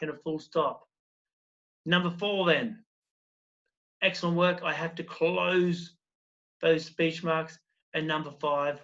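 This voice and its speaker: Guy teaching kids over a video lesson, bit higher voice, encouraging, kinda muffled lo-fi audio. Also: sharp tone. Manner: encouraging, explains step by step with questions. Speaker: primary school teacher. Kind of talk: recorded remote lesson.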